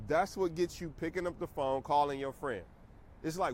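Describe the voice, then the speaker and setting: A man's voice: a little high, normal speed, slight background noise. Emphatic man ranting casually. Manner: emphatic, preachy, conversational. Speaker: stock trading educator. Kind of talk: casual rant to camera.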